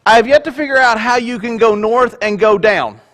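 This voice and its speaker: High-voiced male pastor preaching. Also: normal speed, a bit bright. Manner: conversational, joking asides. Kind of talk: sermon.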